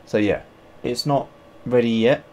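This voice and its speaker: A man's voice: mid-range voice, steady tone, measured pace, a little mellow, a little hiss or hum. A man on a livestream, rambling and thinking aloud as he sculpts, joking at himself and greeting viewers. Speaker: sculptor streaming his work. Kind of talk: casual livestream chat while working.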